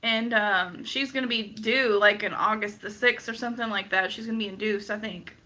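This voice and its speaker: A woman's voice: mid-range voice, steady tone, brisk, bright, forceful tone. A woman chatting playfully with a friend on a livestream, laughing often as she acts out her own reactions. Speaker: co-host of a livestream chat. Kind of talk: casual chat.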